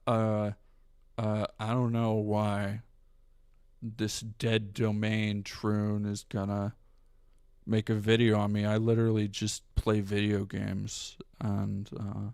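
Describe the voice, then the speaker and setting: A streamer mocking a slow-talking man streamer with a drawling, hesitant voice. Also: medium pitch, completely flat delivery, a little mellow, smooth, no echo, clean studio sound, voice pushed down.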